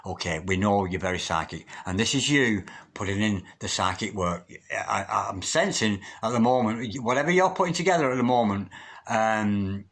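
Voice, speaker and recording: Low-voiced man giving a tarot reading. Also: moderate pace, fairly bright tone. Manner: emotional and effusive, repeats chanted invocations. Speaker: tarot reader. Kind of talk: solo tarot reading to camera.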